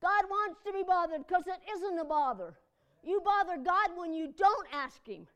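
High-voiced folksy woman pastor preaching. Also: expressive, moderate pace, fairly bright tone, highs cut off. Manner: chatty and folksy, often laughing, breaks into emphatic cries. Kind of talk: conversational sermon with personal stories.

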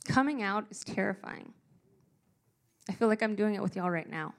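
A young woman telling a personal story to a live audience, earnest and emotional, slowing down for emphasis. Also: medium pitch, expressive. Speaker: speaker sharing a personal story.

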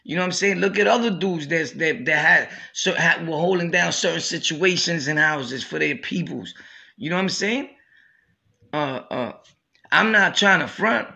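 Gravelly New York man telling stories. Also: on the high side, moderate pace, bright, forceful tone. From Brooklyn, New York. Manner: streetwise slang, repeats "you know what I'm saying". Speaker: podcast host. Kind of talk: storytelling.

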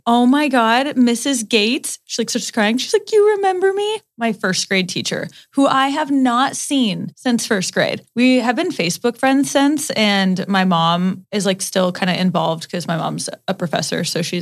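A young woman co-hosting a podcast who runs a shop, telling stories in casual chat with frequent laughs. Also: mid-range voice. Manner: chatty storyteller, laughs often, many "like"s. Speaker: podcast co-host, shop owner.

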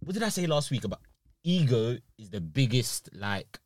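Lively young man, dry sound. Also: mid-range voice, normal speed, no echo. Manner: animated storytelling, bursts of laughter. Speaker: podcast co-host. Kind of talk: casual chat.

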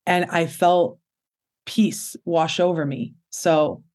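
A woman's voice: lowish voice, slow pace, darkish tone. A woman hosting a podcast, speaking openly and reflectively in casual conversation. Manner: open and reflective, with short affirmations.

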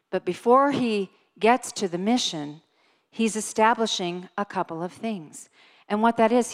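A woman preaching a sermon in a church, reading scripture slowly and earnestly with emphasis. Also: medium pitch, in a large hall. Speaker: church speaker. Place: church sanctuary.

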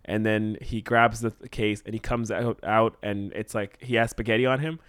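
A man's voice: on the low side, steady tone, normal speed, fairly bright tone, clean tone, no room sound. Man laughing and teasing in chat. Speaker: podcast co-host. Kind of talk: casual chat.

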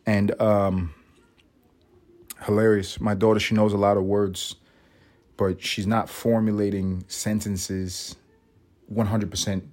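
A man's voice: fairly low pitch, little pitch movement, takes it slowly, long pauses, a little mellow. A young adult man hosting his solo podcast in a casual, rambling monologue, swearing often and joking at his own expense. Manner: profane, rambling, self-mocking. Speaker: podcast host.

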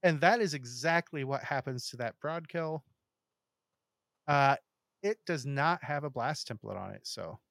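A man's voice: a little high, lively intonation, a little slow, gravelly, fairly bright tone, no echo. Dry-sounding male game master. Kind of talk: running a tabletop game over voice chat.

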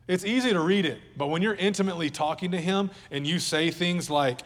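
A man's voice: fairly high pitch, expressive, fairly quick, hardly any pauses, big-room sound. A male pastor preaching a sermon at a church service in a conversational, joking way, with asides to the congregation.

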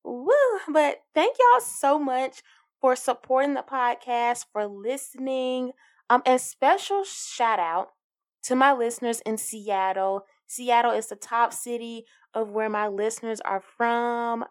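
A young woman in her twenties hosts her own podcast, talking straight to listeners in a relaxed solo monologue. Her voice sits a bit high, and she keeps things upbeat, encouraging and colloquial, with giggles breaking in. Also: a little slow. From Alabama, US. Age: 20s. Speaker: podcast host.

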